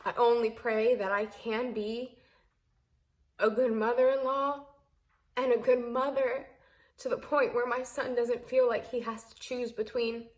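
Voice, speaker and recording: A woman's voice: fairly high pitch, steady tone, unhurried. A young woman telling a storytime vlog to camera, heated and emphatic, at times tearful and earnest. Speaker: vlogger.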